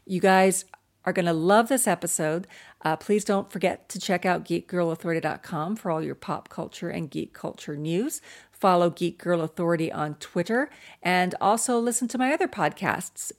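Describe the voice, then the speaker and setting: A woman hosting a podcast, chatting casually with a guest, laughing easily and jumping between quick asides. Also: on the low side. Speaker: podcast host.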